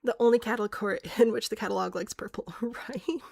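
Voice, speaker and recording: Woman, game streamer, casual chat, self-mocking, vocal fry, dry sound. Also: a little high, fairly even intonation, brisk, darkish tone, no echo. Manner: chatty, thinking aloud, answering chat; self-mocking, laughs easily. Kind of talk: casual live-stream chat while playing.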